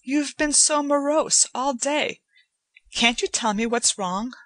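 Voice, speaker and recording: A woman reading aloud as a gushing young woman who coos sweetly, raised far above the reader's own low register. She talks in bright, excited baby talk, in a close, dry recording. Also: slow pace, no room sound. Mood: concerned. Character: eager, affectionate young woman guest. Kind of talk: audiobook character voice.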